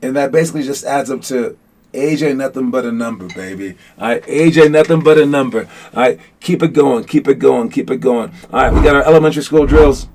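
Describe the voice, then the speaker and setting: A man coaching young basketball players in a casual motivational talk, rambling with many restarts and fillers, and getting animated as he goes. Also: medium pitch, brisk, a little hiss or hum.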